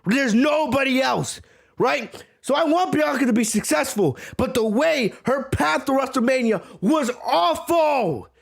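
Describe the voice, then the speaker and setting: A man hosting a podcast, delivering a heated review rant, repeating words for emphasis and shouting back at viewers in the chat. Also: very high-pitched, animated, measured pace, vocal fry. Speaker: podcast host.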